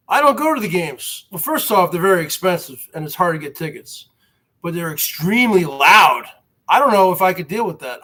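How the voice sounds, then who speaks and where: A man hosts a casual basement livestream, complaining at length. His voice sits high and sounds bright, and he talks slowly, swearing and restarting his sentences as he rambles. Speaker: livestream host.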